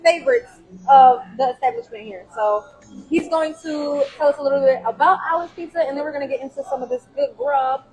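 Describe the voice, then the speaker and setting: A woman's voice: sits high, a little fast, a little mellow, rough recording. A woman hosting a casual food show, upbeat and full of slang. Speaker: show host. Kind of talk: casual chat.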